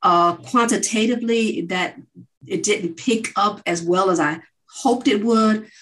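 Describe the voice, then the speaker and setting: A middle-aged woman researcher answering interview questions in an earnest, measured way, often adding "you know". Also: mid-range voice, fairly bright tone, low-quality recording. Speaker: researcher guest.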